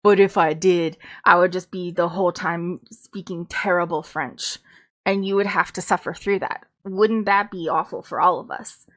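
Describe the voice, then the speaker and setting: A woman's voice: fairly low pitch, steady tone, normal speed, a bit bright. Chatty young woman laughing through reverb. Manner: chatty, rambling, laughs often; self-mocking, joking. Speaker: streamer. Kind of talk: casual chat between songs.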